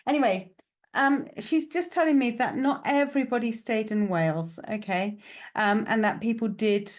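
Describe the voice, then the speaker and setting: This live psychic mediumship reading comes from a woman whose voice is a little high, moving at a moderate pace. Chatty and reassuring, she peppers her talk with "okay" and "right" and pokes fun at herself, laughing along.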